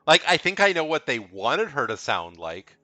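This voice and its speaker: A man's voice: medium pitch, sing-song, moderate pace, bright, forceful tone, dry recording, faint music behind. A man giving casual, rambling commentary as he ranks video game characters, frank and blunt, often repeating himself. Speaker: video game tier list creator.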